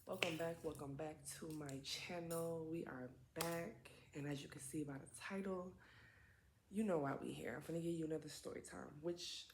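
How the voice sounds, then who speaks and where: A woman's voice: sits low, steady tone, moderate pace, noisy background. A woman in her twenties tells a story in a casual vlog. She talks in a chatty, slangy way with plenty of profanity and side remarks. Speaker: vlogger.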